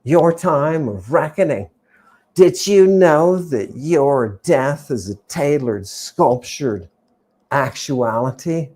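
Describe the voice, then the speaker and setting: A woman hosting a livestreamed lecture to her chat audience, theatrical and repeating key words for emphasis, swinging between loud exclamations and quiet asides. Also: low voice, animated, takes it slowly. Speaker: host.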